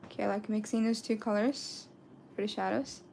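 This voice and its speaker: A woman's voice: mid-range voice, fairly even intonation, a little fast, vocal fry, darkish tone, slight background noise. A young woman hosting a casual live stream while she draws, chatting and thinking aloud and switching between languages. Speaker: live-stream artist host.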